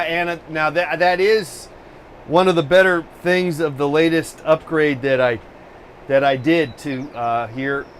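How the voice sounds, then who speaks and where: Male host, casual live-stream chatter, swears freely, exasperated, fairly high voice, faint hum of air conditioning behind. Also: a bit bright. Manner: profane, exasperated ranting.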